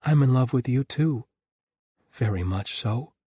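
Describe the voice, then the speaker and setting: A man voicing an earnest, tender young nun in an audiobook, raising and softening his voice for her. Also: mid-range voice, expressive, unhurried, breathy edge, no room sound, studio quality, voice pushed up.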